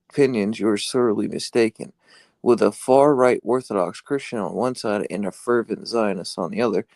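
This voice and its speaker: A man co-hosting a podcast in casual chat, talking haltingly with many fillers. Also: fairly low pitch, gravelly, darkish tone, no room sound. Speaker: podcast co-host. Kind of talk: casual chat, reading a flyer aloud.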